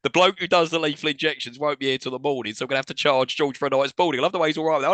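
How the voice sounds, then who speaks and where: A man co-hosting a podcast, chatting quickly and laughing as he recaps a film. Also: fairly high pitch, fairly bright tone, no room sound. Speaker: podcast co-host. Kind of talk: casual chat recapping a film.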